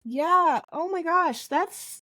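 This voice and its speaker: A woman's voice: very high voice, sharp tone, dry recording. A woman from the American South putting on an English accent as a podcast co-host, upbeat and encouraging in casual chat. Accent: put-on English accent. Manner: upbeat, encouraging, quick to laugh.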